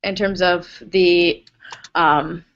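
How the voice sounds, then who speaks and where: A woman leads a grant webinar in a chatty, apologetic way, full of fillers. Her voice is bright and a little tense, on the lower side for a woman. The video call audio sounds dull and lo-fi. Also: steady tone, extremely slow. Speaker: program associate presenting a grant webinar. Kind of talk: webinar presentation.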